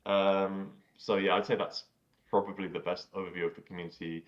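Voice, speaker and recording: A man's voice: sits low, level tone, brisk. A man chatting casually as a podcast guest, rambling with lots of "like" and casual swearing. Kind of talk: casual chat. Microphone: video call. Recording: dull lo-fi call audio.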